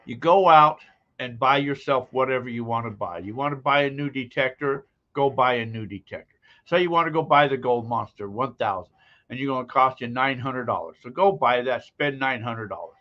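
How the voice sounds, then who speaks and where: A man's voice: mid-range voice, normal speed. Male live-stream host, casual and jokey; muffled, lo-fi sound. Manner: rambling, joking.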